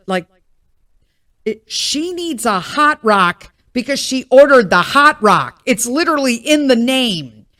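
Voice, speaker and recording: A woman's voice: a little high, fairly bright tone. A woman hosting a podcast, telling a story in a casual, profane and exasperated rant. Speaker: podcast host.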